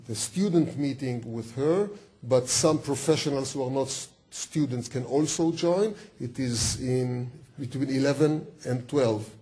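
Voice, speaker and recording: Mellow-voiced man introducing a speaker. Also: medium pitch, low-quality recording. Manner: halting, with fillers and self-corrections. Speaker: event host. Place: lecture hall.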